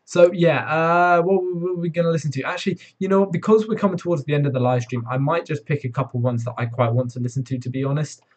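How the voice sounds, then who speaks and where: A man's voice: a little high, quick pace, hardly any pauses. A teenage male live streamer from Wales, chatting casually and teasing his chat with lots of swearing. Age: teens.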